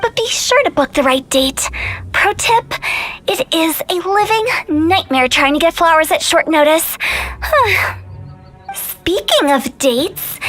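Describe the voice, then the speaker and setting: Mischievous young funeral director, high and teasing, breezy with morbid jokes. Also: female voice, sharp tone, exaggerated voice. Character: playful, mischievous young woman who runs a funeral parlor. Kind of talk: video game voice acting.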